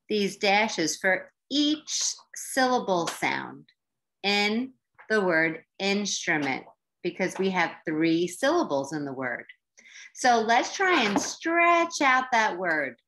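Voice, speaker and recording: An American woman teacher gives a classroom lesson to young learners, speaking slowly and clearly in a very lively, varied voice with a fairly low pitch. She sounds encouraging and draws words out syllable by syllable.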